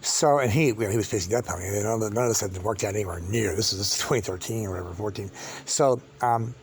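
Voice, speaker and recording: A man telling a long personal story as a vlogger, halting and repetitive, with many restarts and fillers. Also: on the low side, slight background noise.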